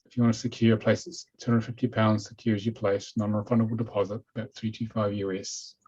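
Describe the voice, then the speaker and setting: A man with a New Zealand accent hosting a webinar over a video call, chatty and relaxed. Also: lowish voice, quick pace, slightly rough. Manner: relaxed, chatty, says "okay" a lot. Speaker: webinar host. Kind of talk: casual webinar talk. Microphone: computer mic on a video call. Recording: dull lo-fi video call audio.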